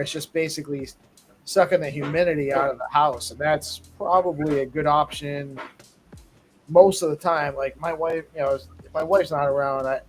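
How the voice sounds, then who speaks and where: Male guest from southern New England, slightly high voice, rambling and easygoing. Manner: rambling, laid-back, chuckles while talking. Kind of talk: casual chat.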